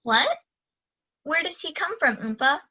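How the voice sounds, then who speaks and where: A woman voicing a startled small grandchild with shrill, excited squeals, in an audio theater play. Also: unhurried, lo-fi sound, heavily acted. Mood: curious.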